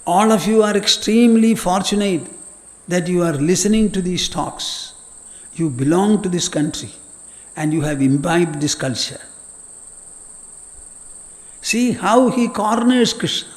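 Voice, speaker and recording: An elderly man, giving an earnest scripture lecture as a spiritual teacher, explaining verses deliberately to his listeners. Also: high voice. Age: older. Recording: long hall reverb.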